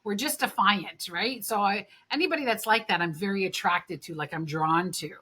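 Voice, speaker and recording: Podcast host, female, bright clear tone, mid pitch, frank and chatty with casual swearing. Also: normal speed.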